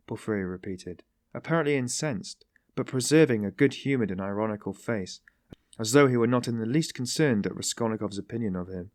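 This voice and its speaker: A man narrating an audiobook in a measured, even reading. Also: on the low side, dry recording, studio quality. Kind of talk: scripted narration.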